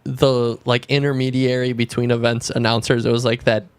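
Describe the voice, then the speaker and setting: A man's voice: medium pitch, little pitch movement, clear, resonant tone, no room sound. A man co-hosting a podcast in casual, joking chat. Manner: joking, quick asides, occasional mocking voices. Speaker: podcast co-host.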